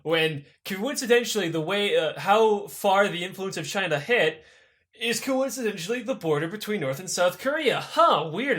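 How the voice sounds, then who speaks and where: High, animated, profane young man. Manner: profane, irreverent, rambling. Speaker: podcast co-host. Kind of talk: casual comedic history retelling.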